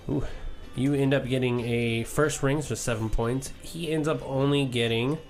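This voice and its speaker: A man narrating as game master, relaxed and loose with lots of fillers. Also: mid-range voice, moderate pace. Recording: faint background music.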